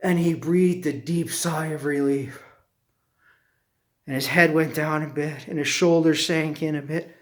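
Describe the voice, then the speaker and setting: A man telling a personal story as a motivational speaker, slow and deliberate, drawing lessons from it. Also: fairly high pitch, fairly even intonation.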